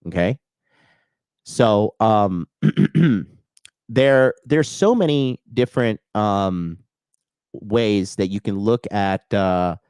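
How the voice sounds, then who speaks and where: A man coaching on dating and fitness in a blunt, profane podcast monologue, now and then mocking others in a high put-on voice. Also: a little mellow, dry recording, studio quality.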